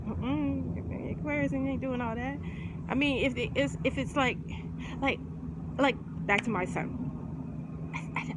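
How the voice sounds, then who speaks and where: A middle-aged woman vlogger chatting casually, rambling in slangy talk and laughing often. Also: medium pitch. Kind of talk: casual chat. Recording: noisy background ambience.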